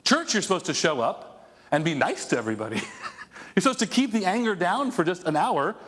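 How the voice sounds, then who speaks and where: A male pastor preaching a conversational, animated sermon to his congregation, with asides to the people in the room. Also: high voice, fairly quick. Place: church sanctuary before a congregation. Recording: long echo of a church hall.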